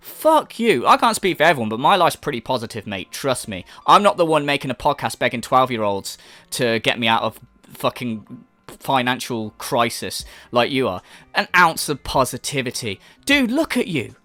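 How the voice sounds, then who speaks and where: Male commentator, scornful and foul-mouthed, lively pitch, dry close mic. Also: moderate pace, no echo. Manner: profane, mocking, animated. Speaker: commentary YouTuber. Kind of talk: ranting commentary.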